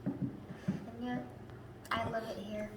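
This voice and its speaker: Young-sounding woman, flat and halting. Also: fairly high pitch. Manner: halting, many fillers, plain recounting. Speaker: attendee giving testimony. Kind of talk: hesitant personal testimony. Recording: roomy echo with faint noise.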